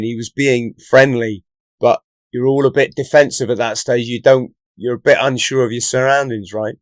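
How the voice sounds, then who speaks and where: A man's voice: medium pitch, steady tone, normal speed, no echo. A man from England, born in London and raised in the Southwest, a former commando telling stories to camera in a chatty way, often checking in with "right?". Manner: chatty, keeps adding "right?" tag questions. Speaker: former Royal Marines commando, channel host. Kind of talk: casual storytelling to camera.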